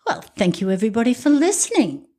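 Woman with lively storytelling voice. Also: a little high, fast. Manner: storytelling, laughs often. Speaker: podcast co-host. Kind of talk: casual chat.

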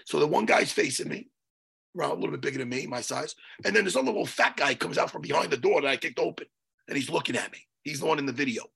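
A man telling a story on a podcast in a casual, animated way, swearing and loudly acting out what people said. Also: on the high side, fast talker, gravelly, husky. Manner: animated, swearing, acts out his own quotes loudly. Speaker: podcast co-host.

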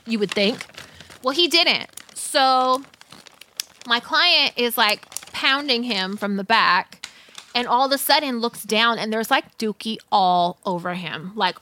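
A woman's voice: fairly high pitch, slow, pushed and bright, a little hiss or hum. A woman, telling a story on a podcast in profane casual chat and acting out the quotes.

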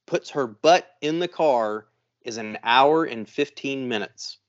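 A man's voice: mid-range voice, slow, dry recording, muffled recording. A man co-hosting a podcast, telling a long profane story and acting out both sides of an argument. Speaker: podcast co-host. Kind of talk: casual storytelling.

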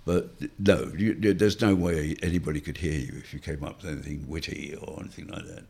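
Older male guest, husky and wry, rambling raconteur. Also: rumbling low, steady tone, fairly quick, hardly any pauses, darkish tone. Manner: wry, rambling, laughs through stories. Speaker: interview guest. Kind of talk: anecdotal reminiscing.

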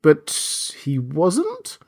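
A man's voice: extremely slow, vocal fry, husky, heavily acted. A man doing an eager young boy king. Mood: curious. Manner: excited, high-pitched. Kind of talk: storybook reading.

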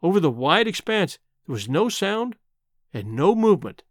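A man narrating a novel as an audiobook, in a measured, expressive storytelling manner. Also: high voice, no echo, clean studio sound. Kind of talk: scripted narration.

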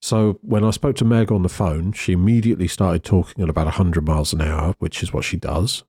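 A British man telling a lively, self-deprecating story as a guest photographer in a casual interview. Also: low voice, a little fast, slightly rough. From Britain. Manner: animated, self-deprecating, acts out quotes.

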